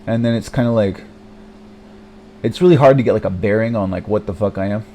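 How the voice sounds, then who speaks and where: A young man talking to himself on camera in a low-key, darker and mellow voice, halting and self-deprecating, filling every gap with fillers and starting over. He swears freely as he thinks aloud. A faint hum sits under the recording. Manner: hesitant, many fillers and restarts, self-deprecating, swears often. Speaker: vlogger. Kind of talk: rambling personal monologue.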